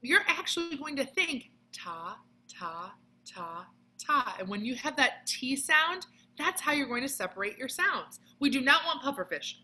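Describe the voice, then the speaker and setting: A woman teaching a children's music lesson on video, explaining each step patiently and clearly with sung demonstrations. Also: high-pitched, lively intonation, moderate pace, pushed and bright, poor audio.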